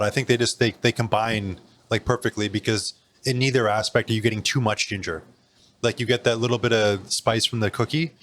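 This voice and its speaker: Laid-back podcast host, lower voice, thinks aloud as he talks. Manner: relaxed, thinking aloud, many fillers. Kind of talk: casual chat.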